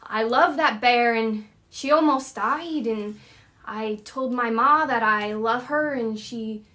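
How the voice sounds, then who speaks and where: A woman voicing an excitable young Scottish lass, loud and gushing, laughing through her lines. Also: medium pitch, slow pace, gravelly, recorded from a distance.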